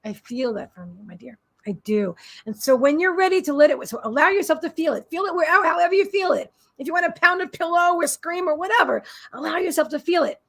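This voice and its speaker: High-voiced woman giving spiritual guidance. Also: lively intonation, fast talker, vocal fry, a bit bright. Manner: rambling, repetitive, soothing guidance. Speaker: psychic healer. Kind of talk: live-streamed spiritual reading.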